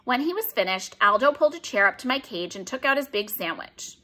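An audiobook reader, a woman with a clear, bright voice and very lively pitch, reads a children's story at a brisk pace, narrating expressively and leaning into every line.

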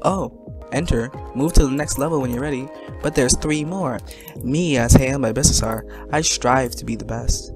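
A man's voice: mid-range voice, normal speed, darkish tone, soft background music. A man giving jokey let's-play commentary, talking to his viewers and teasing himself as he plays. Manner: joking, self-mocking, talks to viewers. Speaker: gaming commentator.

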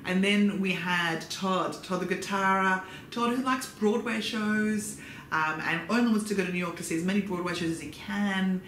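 A woman casually recapping reality TV, sarcastic and gushing, jumping her pitch up for emphasis. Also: moderate pace, fairly bright tone. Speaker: recap vlogger. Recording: echoey room, faint background noise.

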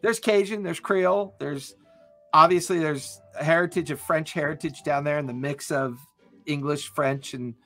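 A man co-hosting a podcast talks casually about tabletop role-playing in long, rambling, enthusiastic runs. His voice sits somewhat high for a man. Faint music plays behind him. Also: steady tone, moderate pace, bright, forceful tone. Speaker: podcast co-host.

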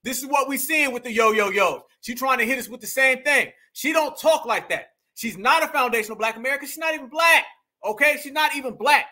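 Male commentary host, very high and bright tone, animated scolding delivery, heavy slang. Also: a little fast. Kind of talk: reaction commentary on clips.

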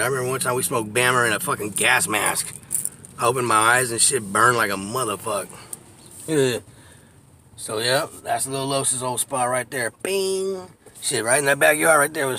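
A man narrates a loose, profane tour of his old neighborhood, laughing as he tells street stories. His voice sits in an ordinary middle pitch and comes through a phone mic inside a moving car. A faint hum of traffic and engine runs underneath. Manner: profane, laughing, animated storytelling. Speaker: vlogger giving a neighborhood tour. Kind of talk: casual storytelling while driving. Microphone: phone camera.

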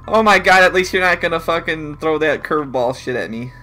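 A man giving live gameplay commentary, excitable and swearing heavily, often yelling in frustration. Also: fairly high pitch, moderate pace, few pauses, soft background music. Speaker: let's play gamer.

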